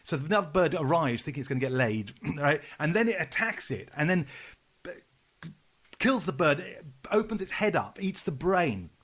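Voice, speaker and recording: A man's voice: a little high, sing-song, normal speed, fairly bright tone. A man co-hosting a podcast, telling long rambling stories full of restarts and swearing. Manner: rambling storyteller, swears freely, many restarts. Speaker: podcast co-host. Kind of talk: casual chat.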